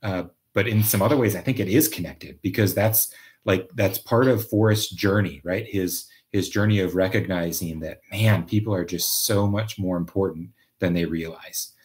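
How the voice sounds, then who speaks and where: A man's voice: low-pitched, moderate pace, a little mellow. A man from Minnesota, casually hosting a live stream, chatting and reading viewer comments with lots of fillers and restarts. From Minnesota, USA. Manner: rambling, many fillers and restarts. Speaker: livestream host.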